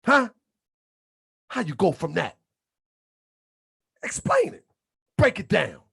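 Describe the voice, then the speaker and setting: A man hosting his channel, preaching in a fiery monologue with shouted, repeated lines and colloquial talk, a little under the weather. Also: sits high, big pitch swings, unhurried, vocal fry, slightly rough. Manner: colloquial, drops into muttered asides. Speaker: channel host.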